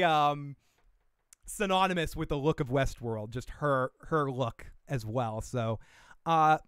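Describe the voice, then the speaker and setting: A man's voice: medium pitch, slow, a bit bright, clear, resonant tone, no echo, clean studio sound. A man hosting a casual podcast livestream, rambling and swearing freely as he reacts to a trailer. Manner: rambling and profane, with laughs and self-talk. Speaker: podcast host reviewing a trailer.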